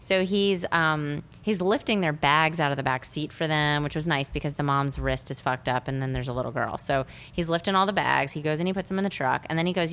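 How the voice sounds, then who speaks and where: A woman's voice: sits low, brisk, few pauses, fairly bright tone. A woman co-hosting a podcast, casually recapping a film's plot in a rambling way, with many fillers. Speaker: podcast co-host.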